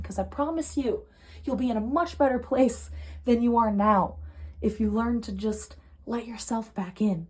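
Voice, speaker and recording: A young adult woman giving a pick-a-card tarot reading at home, earnest and emotional, swinging from soft to heated. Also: a little high, moderate pace. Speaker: tarot reader. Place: home room.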